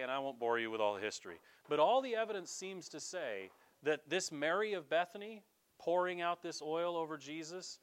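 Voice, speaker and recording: A male pastor preaches in a loose, conversational way, turning often to speak straight to his listeners. His voice sits a little high for a man and swings widely in pitch. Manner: conversational, animated, addresses listeners directly. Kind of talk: sermon.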